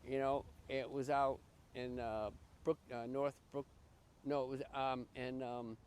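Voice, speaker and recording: An older man from Massachusetts, a podcast guest, tells his life story in an earnest, halting way, often restarting and repeating words. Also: mid-range voice, flat delivery, darkish tone, a little hiss or hum. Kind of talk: personal life story in conversation.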